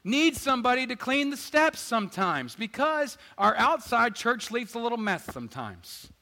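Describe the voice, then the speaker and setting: A man preaching a sermon as pastor, energetic and joking, swinging between loud emphasis and quiet asides. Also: very high-pitched, moderate pace. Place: church sanctuary. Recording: church hall reverb with faint guitar.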